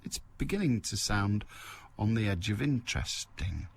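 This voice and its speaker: A man's voice: fairly low pitch, animated, moderate pace, creaky, slightly rough. Dry, wry older male radio host. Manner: dry, self-mocking, digressive. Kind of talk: rambling solo radio chat. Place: radio studio. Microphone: studio mic.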